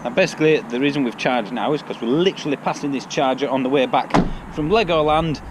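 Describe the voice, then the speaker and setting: A man's voice: mid-range voice, fast talker. An English man chatting casually and jokily as a vlogger, outdoors by a car charger. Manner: chatty, jokey, laughs often. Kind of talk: casual vlog chat. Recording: noisy outdoor recording with traffic.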